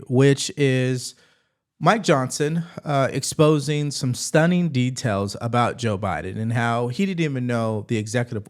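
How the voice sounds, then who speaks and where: Blunt male political commentator. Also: mid-range voice. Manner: blunt, reacts to clips and reads viewer comments. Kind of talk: opinionated news commentary.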